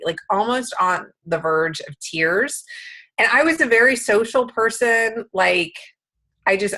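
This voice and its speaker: A woman in her late thirties, a guest speaker telling a self-deprecating story in casual, animated chat. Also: medium pitch, rough recording.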